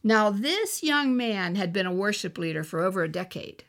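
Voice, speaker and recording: A woman's voice: mid-range voice, expressive, normal speed, vocal fry. A woman ministering, telling a personal testimony in an earnest storytelling way and acting out the voices she quotes. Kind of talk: testimony sermon.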